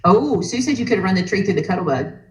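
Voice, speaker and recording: A woman with a Southern US accent, chatting as a guest on a live crafting stream and telling stories with animated energy. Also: medium pitch, fast talker, reverberant, rough recording.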